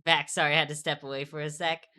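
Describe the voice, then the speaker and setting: A woman's voice: low voice, level tone, fast talker, bright, forceful tone. A young woman streamer chatting casually while drawing, rambling and correcting herself as she goes, often laughing.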